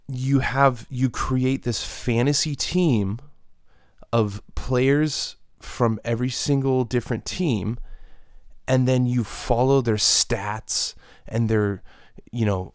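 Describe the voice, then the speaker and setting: A man's voice: fairly low pitch, vocal fry, no room sound, clean studio sound. A man hosting a solo podcast, ranting in a profane, exasperated way with lots of restarts. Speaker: podcast host. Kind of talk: solo comedic rant.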